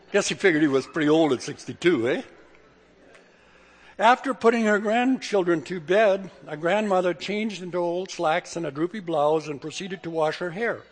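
An older male pastor delivers a sermon with a relaxed, folksy, joke-telling manner. His voice sits a bit high for a man. It rings out with a long hall reverb, like a church sanctuary. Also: a little slow, long pauses. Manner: folksy, chuckling storyteller. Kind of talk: sermon with humorous stories.

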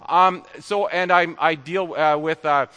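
Nasal-voiced pastor preaching in a reverberant church. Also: male voice, fairly high pitch, steady tone, measured pace, bright, forceful tone, clean tone. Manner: earnest, conversational, ends with a spoken prayer. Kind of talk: sermon. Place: church sanctuary. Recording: long reverb of a church hall.

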